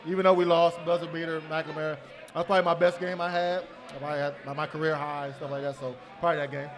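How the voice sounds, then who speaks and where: A man with a fairly high voice, a former basketball player, answering questions in a laid-back, playful way. He often talks over the host in a casual live chat in a restaurant. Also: little pitch movement, quick pace, crowd noise. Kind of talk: casual interview. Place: restaurant, live podcast taping.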